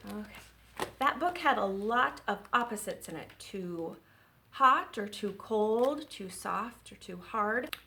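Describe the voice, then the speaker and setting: Woman librarian hosting story time, gentle and expressive, medium pitch. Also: slow. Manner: gentle, expressive, engaging kids. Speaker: children's librarian. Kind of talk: children's story time reading.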